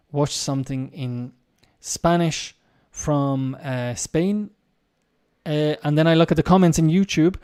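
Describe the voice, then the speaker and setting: A man's voice: a little high, a little mellow, clean tone. An English teacher with an Irish accent, musing in a casual live-stream chat and talking directly to his viewers. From Ireland.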